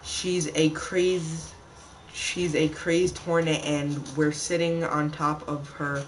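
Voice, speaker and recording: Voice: mid-range voice, level tone, slow pace, slight background noise, poor audio. A gamer doing casual let's-play commentary, chatting to viewers and reading game text aloud. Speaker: gamer playing a survival game.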